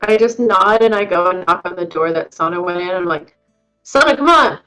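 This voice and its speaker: A woman's voice: fairly low pitch, a little fast, a bit bright, faint music behind. A woman playing a tabletop game, asking curious questions and describing her character's actions. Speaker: player. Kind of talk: role-play narration. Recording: dull lo-fi mic.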